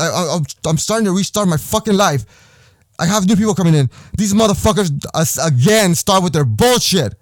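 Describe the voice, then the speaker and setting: A young man with a high-pitched voice hosts a podcast, ranting in a heated, profane, repetitive way. His voice sits dry and close with no room echo. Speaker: podcast host. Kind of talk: angry personal rant.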